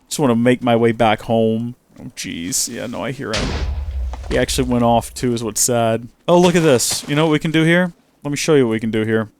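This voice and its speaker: A man's voice: mid-range voice, smooth. A man hosting a gaming channel, giving let's play commentary and exclaiming and talking to himself as he plays. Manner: animated, exclaims and talks to himself while playing.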